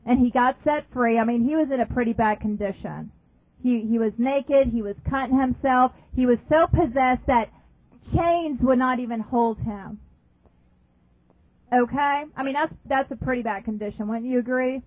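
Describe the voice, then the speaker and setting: A woman delivers a sermon in a high voice, pressing her points by repeating them and asking the listeners questions. The sound is narrow and phone-like, with a dry, close feel and no room echo. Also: normal speed. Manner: emphatic, repeats phrases, asks the audience questions. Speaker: preacher.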